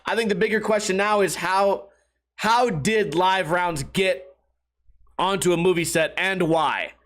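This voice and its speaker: A man's voice: sits high, a little slow. A man hosting a comedy podcast, telling stories in a rambling, profane, casual monologue. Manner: profane, rambling, animated storytelling. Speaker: podcast host.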